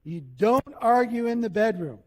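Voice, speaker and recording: A male pastor preaching a sermon, animated, acting out little scenes and quotes as he goes. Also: extremely high pitch, moderate pace, in a large hall.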